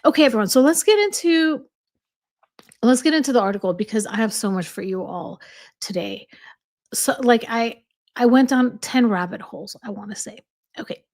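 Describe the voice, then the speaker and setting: A woman's voice: fairly high pitch, moderate pace, a little mellow. A woman with a slight accent hosting a casual livestream chat, reading viewer comments aloud and answering them. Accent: slight foreign accent.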